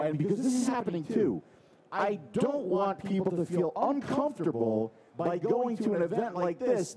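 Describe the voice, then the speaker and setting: A man's voice: sits high, distant mic. An American man talking casually and earnestly to an audience as a conference panel speaker. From United States. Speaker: panel speaker, product reviewer. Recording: loud audience noise in a conference hall.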